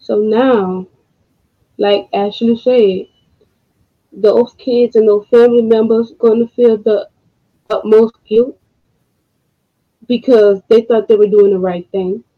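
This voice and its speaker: A woman hosting a podcast, speaking in a casual monologue, emotional and frustrated, with slow deliberate pauses. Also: fairly high pitch, steady tone. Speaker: podcast host. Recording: dull lo-fi audio.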